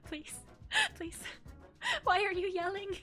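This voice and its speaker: A woman's voice: very high-pitched, extremely slow, over music. A woman streamer telling stories in casual chat, rambling and often laughing.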